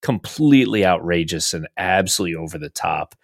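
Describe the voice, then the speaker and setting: Deep-voiced man hosting a chat. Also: expressive, fairly quick, creaky, no echo, studio quality. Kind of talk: casual interview chat.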